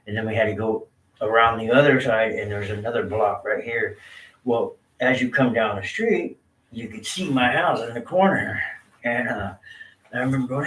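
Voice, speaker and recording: A man's voice: medium pitch, normal speed, a bit bright, distant mic. A man from Southern California casually telling stories about his life in a laid-back, slangy, rambling way. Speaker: storyteller sharing his life. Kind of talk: casual personal storytelling. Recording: roomy off-mic sound with faint ambience.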